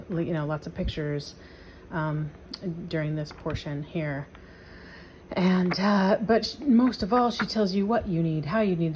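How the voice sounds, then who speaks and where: A woman's voice: fairly low pitch, noisy background. A young adult woman showing her books in a casual vlog, enthusiastic and rambling, with many fillers. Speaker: vlogger. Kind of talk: casual show-and-tell vlog.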